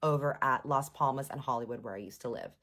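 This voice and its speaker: A woman telling a personal story in a casual, animated, sarcastic way, with frequent swearing. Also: a bass voice, quick pace. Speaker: vlogger.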